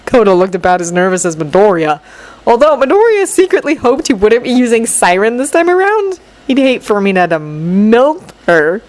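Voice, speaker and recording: A woman's voice: on the high side, big pitch swings, moderate pace, a little mellow. A woman reading narration for a fanfiction audiobook. Her voice rises and falls a great deal as she tells the story.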